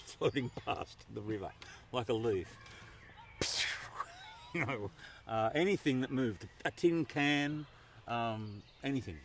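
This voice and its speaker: A man performs a story live outdoors to an audience, animated and quick to swear. His voice sits at an ordinary pitch, with faint outdoor noise behind it.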